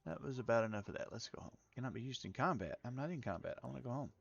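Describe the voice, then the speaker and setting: A man's voice: mid-range voice, expressive, racing, gravelly, dry recording. Man, Tennessee accent, live game streamer, casual muttering, dull lo-fi mic. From Middle Tennessee, US. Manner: muttering to himself, chatting to viewers.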